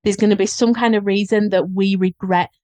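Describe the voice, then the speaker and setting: A woman's voice: medium pitch, fairly even intonation, brisk, darkish tone, no echo. A woman with a Northern English accent, a guest business coach talking in an earnest, flowing, reflective way in a casual podcast chat.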